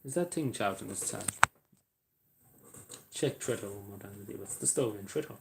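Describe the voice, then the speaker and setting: This Irish man's voice sits on the low side, expressive and touched with vocal fry, with background noise behind him. Chatting casually with live-stream viewers, he rambles haltingly, uses lots of fillers, and apologizes often.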